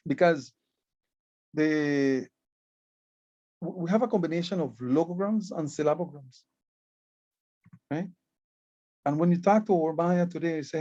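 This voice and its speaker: A man's voice: on the high side, measured pace, pauses often, a little mellow, no room sound, highs cut off. A man with a Belizean accent giving a presentation on Maya hieroglyphs, earnest and explanatory, often repeating words as he works through a point. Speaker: Maya writing club educator and guide.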